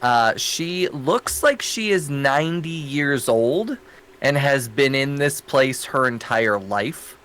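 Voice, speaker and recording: A man's voice: mid-range voice, expressive, takes it slowly, fairly bright tone, a little hiss or hum, rough recording. A man narrating a tabletop game as game master in an easygoing, rambling way. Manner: easygoing, hums to himself.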